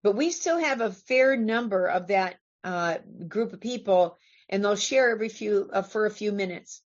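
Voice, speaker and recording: A woman's voice: mid-range voice, animated, normal speed, dull audio. A woman from California giving an earnest, conversational talk to a recovery meeting, asking her listeners questions as she goes.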